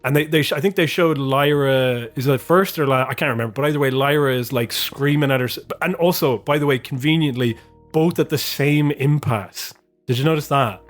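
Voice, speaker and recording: A man co-hosting a comedy podcast talks in loose, rambling stretches, swearing and chuckling along the way. Faint music sits low behind his casual chat. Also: fairly quick. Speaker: podcast co-host.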